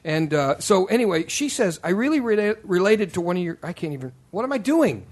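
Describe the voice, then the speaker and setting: A man's voice: high-pitched, sing-song, a little fast, darkish tone. Chatty man hosting, lots of fillers. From Kansas City. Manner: laughs often, jokey, rambling with fillers. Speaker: podcast host. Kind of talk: casual chat.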